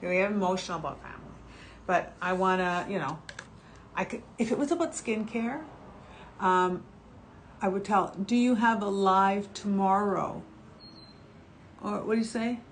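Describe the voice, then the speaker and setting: A woman's voice: medium pitch, normal speed, pauses often, slight background noise. A chatty, emotional woman in her sixties presenting skincare products on a casual livestream, talking straight to her viewers. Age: 60s. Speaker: shopping channel skincare brand presenter. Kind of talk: casual livestream sales chat.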